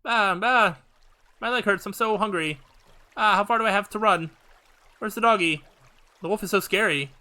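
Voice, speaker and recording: A man's voice: high voice, moderate pace, pauses often, sharp tone, pitched above the performer's own voice. A man voicing a small, naive lost girl who asks simple questions. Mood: whiny.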